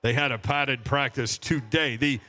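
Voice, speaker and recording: A man's voice: medium pitch, moderate pace, sharp tone. A man hosting a sports radio show, running through betting lines and joking with his co-host. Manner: reads betting lines and gives phone number, jokey.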